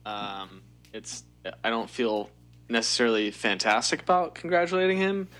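A man's voice: medium pitch, sing-song, moderate pace, a bit bright. A young man co-hosting a podcast, giving rambling opinions with frequent fillers and restarts. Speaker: podcast co-host. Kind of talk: casual chat.

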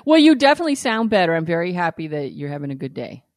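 A woman's voice: fairly low pitch, big pitch swings, no echo. Blunt, profane woman co-host. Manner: blunt, profane, quick to laugh. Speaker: podcast co-host. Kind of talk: casual chat.

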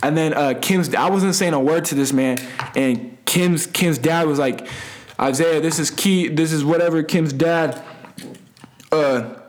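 A young man with a slightly high voice tells a wild party story in loose, profane slang. He rambles, restarts his sentences and laughs at his own tale. The delivery is casual and unpolished. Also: unhurried. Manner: laughs while telling. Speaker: guest storyteller.

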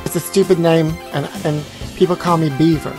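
A woman's voice: low-pitched, steady tone, brisk, music in the background. A woman in a comedy sketch, ranting indignantly and pitying herself as a victim. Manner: indignant, self-pitying rants. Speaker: comedic guest.

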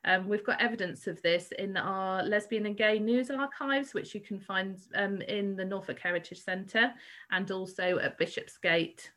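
A woman's voice: medium pitch, normal speed, fairly bright tone, poor audio. A woman co-hosting a podcast walking tour, talking in a loose, conversational way with frequent ums and restarts. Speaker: podcast co-host and tour guide.

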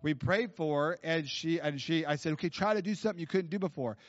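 A man preaching at a church, telling stories in a casual, animated way with many fillers. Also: fairly high pitch, fast talker. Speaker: guest preacher. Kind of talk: storytelling sermon. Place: church hall. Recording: dull lo-fi sound.

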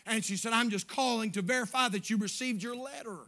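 A man preaching a sermon as pastor, moving from quiet storytelling to shouted praise. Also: very high voice, a little fast.

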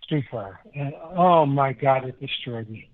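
A man's voice: mid-range voice, a little slow. Older man telling stories over a tinny line. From Chicago. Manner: animated, rambling anecdotes with many restarts. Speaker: guest musician. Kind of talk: casual interview storytelling.

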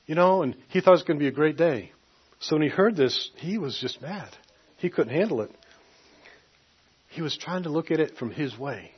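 A man's voice: a little high, slightly rough. A man preaching a sermon, retelling a scripture story casually and acting out the quotes. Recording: dull lo-fi recording.

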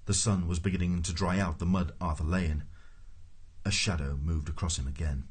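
A man's voice: low-pitched, steady tone, fairly quick, slightly rough. A man reading a comic novel aloud in scripted narration, with a dry, wry storytelling manner. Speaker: audiobook narrator.

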